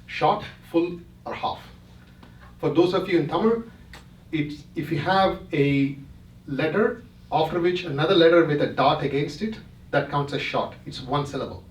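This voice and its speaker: Speaking at normal speed with a fairly high pitch, a male presenter explains his points one step at a time to people at a retreat, regularly checking they follow. He's captured from afar in a spacious hall.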